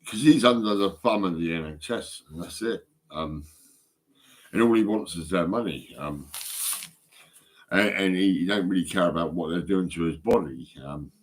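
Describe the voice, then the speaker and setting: A man's voice: deep voice, moderate pace. A man talking to his phone in a rambling, swearing monologue, often repeating himself. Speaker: vlogger.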